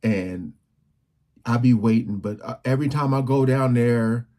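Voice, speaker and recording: Relaxed man chatting in reaction. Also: mid-range voice, unhurried. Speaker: reaction video host. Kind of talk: casual reaction commentary.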